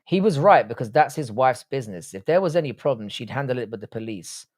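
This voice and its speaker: A man's voice: mid-range voice, lively intonation, quick pace, darkish tone. A young Irish man hosting a casual livestream, reading chat aloud and answering with blunt, profane banter. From Republic of Ireland.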